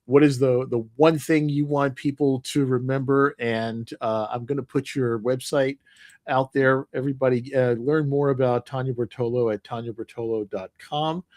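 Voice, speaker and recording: A man's voice: mid-range voice, fairly even intonation, normal speed, darkish tone, dry recording. Man hosting an interview, dry close sound. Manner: brief encouraging backchannels and plain wrap-up. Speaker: interview host.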